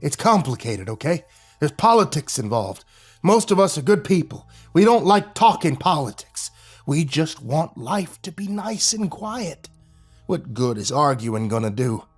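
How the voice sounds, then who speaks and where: A man voicing an older rural man who tells grim local lore in a slow, folksy drawl. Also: fairly high pitch, very animated, slightly rough, soft background music, exaggerated voice. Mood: ominous.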